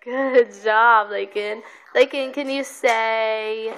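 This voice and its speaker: A woman with a bright, somewhat high voice, recorded on a handheld phone at home. She coaxes a toddler to repeat words in slow, drawn-out prompts, with patient sing-song encouragement and frequent praise. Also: steady tone, clean tone. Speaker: aunt filming a toddler. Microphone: phone camera held by the speaker.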